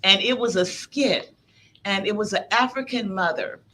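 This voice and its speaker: A woman pastor preaching a sermon, telling a story with lively storytelling energy. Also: mid-range voice, moderate pace.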